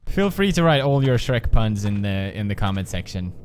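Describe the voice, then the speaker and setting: A young man hosting a joking let's-play commentary, excitable and prone to yelps and laughter. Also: lowish voice, moderate pace, slight background noise. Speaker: gaming video host.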